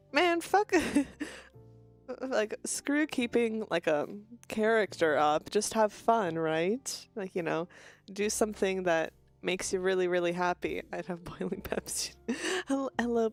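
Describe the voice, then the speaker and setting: Young woman, stuffy nose, quick bubbly stream chat, faint music behind. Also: medium pitch, vocal fry. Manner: fast-talking, bubbly, frequent laughs. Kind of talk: casual stream chat greeting viewers.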